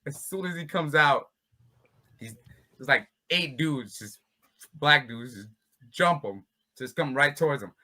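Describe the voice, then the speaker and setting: A bare-knuckle fighter, interviewed as a guest, spins loose, casual stories and keeps breaking into laughter. His medium-pitched voice is animated and sharp, a little slow, with frequent pauses.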